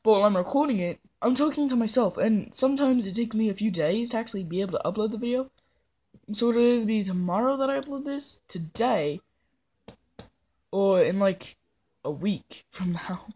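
Fairly quick and animated, her warm, higher-pitched voice carries a gaming channel's casual let's-play commentary. A phone picks up her put-on British accent as she rambles, teases herself, and wanders off into hummed nonsense.

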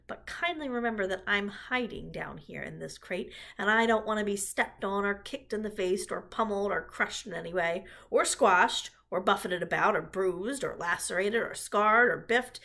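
A woman voicing a fussy male rat who grumbles loudly and drags out his complaints, with a husky voice. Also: mid-range voice. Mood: indignant. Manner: loud, drawn-out, complaining.

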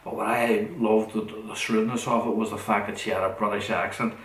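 A middle-aged man with a Northern Irish, Derry accent tells a long, rambling story. His voice is low and flat, and he swears bluntly and repeats himself. He sits back from the mic in a roomy, echoing room with faint noise. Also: a little fast, recorded from a distance. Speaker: podcast host.

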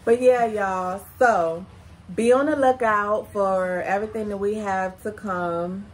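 Woman co-host, middle pitch, relaxed and easygoing, casual mukbang chat to viewers. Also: takes it slowly. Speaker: co-host of a food vlog channel. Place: at home, indoors.

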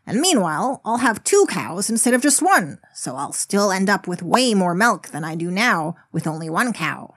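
A woman's voice: mid-range voice, sing-song, normal speed, hardly any pauses, a bit bright, slightly rough. A woman voicing a smug, self-admiring male farmer who reasons aloud with himself. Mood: self-assured. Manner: self-satisfied, talks to himself.

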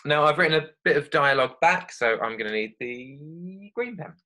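A man's voice: on the high side, lively intonation, normal speed, pushed and bright. A man, a primary school teacher talking children through an online literacy lesson step by step in a friendly, explanatory way.

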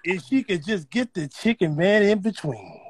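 A man's voice: sits high, big pitch swings, normal speed, slightly rough, no echo, clean studio sound, voice pushed down, exaggerated voice. A man doing a sly older uncle type. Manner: sly, playful, sing-song teasing.

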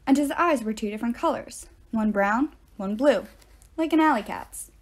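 A woman reading a novel aloud in an expressive way, with deadpan asides. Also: fairly high pitch, normal speed. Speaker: narrator. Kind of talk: audiobook-style reading aloud.

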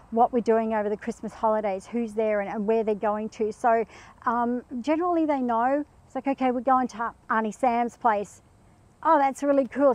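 A woman with a fairly high-pitched voice giving casual advice about pets. She tells her stories in an animated way and acts out each quote in it. Her talk is loose and chatty, full of asides. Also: low-quality recording. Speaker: pet behaviour guest. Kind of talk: casual chat with anecdotes.

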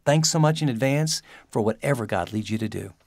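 A man makes an earnest, conversational appeal directly to listeners, in the manner of a ministry leader. His voice is mid-pitched, and the recording is dry and close. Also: animated, a little fast, darkish tone, dry recording.

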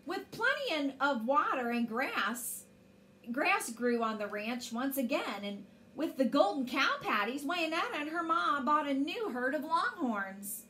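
Slow, animated woman reading a bedtime story. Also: high-pitched, slight background noise.

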